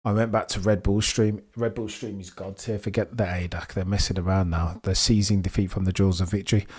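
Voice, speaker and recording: A young man with a Birmingham accent and a low voice, talking over a motor race as it happens. He chats casually and excitably, reacting to the action and answering his viewers. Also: fairly quick, breathy edge. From England. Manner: chatty, excitable, reads and answers viewer messages. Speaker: livestream host. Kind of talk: casual live race commentary.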